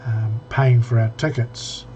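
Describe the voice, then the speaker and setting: A man's voice: medium pitch, level tone, unhurried, lo-fi sound, music in the background. A man co-hosting a casual tech podcast, rambling with many restarts and fillers. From New Zealand. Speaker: podcast co-host.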